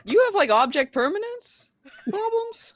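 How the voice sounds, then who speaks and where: Excitable stammering woman player. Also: very high-pitched, a little slow. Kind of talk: casual tabletop game chat.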